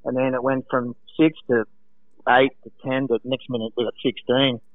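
A man's voice: mid-range voice, normal speed, dry recording. Australian man on a tinny phone line. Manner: animated, laughs often, acts out quotes. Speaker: guest, former lifeguard. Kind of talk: casual storytelling on a radio call. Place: at home.

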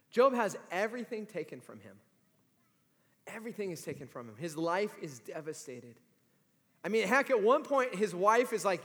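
Man preaching in a high voice. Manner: conversational, animated, emphatic. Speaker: pastor. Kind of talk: sermon. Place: large hall or church. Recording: long reverb of a big hall.

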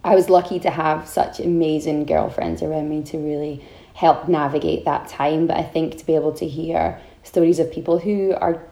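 A Scottish woman in her thirties talks openly on a podcast, reflective and warm. Her voice sits low and mellow, with a gravelly fry. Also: steady tone, normal speed. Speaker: podcast co-host. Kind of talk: casual podcast chat.

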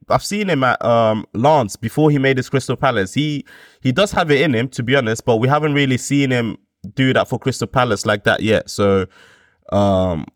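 A man's voice: medium pitch, dry recording, clean studio sound. Hesitant man musing about football. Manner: hesitant, thinking aloud with slang. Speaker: podcast guest pundit. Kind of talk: casual football chat.

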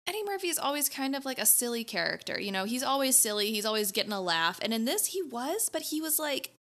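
A young woman co-hosting a casual movie chat, enthusiastic and quick to laugh. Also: high voice, big pitch swings. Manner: warm, enthusiastic, laughs often. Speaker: podcast co-host.

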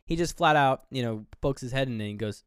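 A man's voice: mid-range voice, quick pace, a bit bright, clear, resonant tone, no echo, studio quality. Man casually recapping a movie. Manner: retells scenes, briefly voicing characters; loose, filler-heavy storytelling. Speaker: podcast co-host.

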